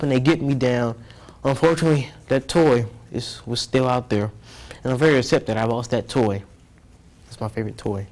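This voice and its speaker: Rambling earnest young man. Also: mid-range voice. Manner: rambling, earnest, repeats himself. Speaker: guest. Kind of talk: casual storytelling interview.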